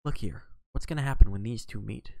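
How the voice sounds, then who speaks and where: A man reading a novel aloud, voicing a helpless, mild-mannered Englishman who tries to calm others. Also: lowish voice, fairly quick, gravelly, no echo. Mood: placating. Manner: mild and placating. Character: helpless, placating Englishman of the house.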